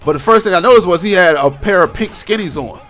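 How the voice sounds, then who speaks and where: A young man hosting his vlog, telling a story in a casual, slang-heavy, animated way. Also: sits high, fast talker, soft background music. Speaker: vlog host.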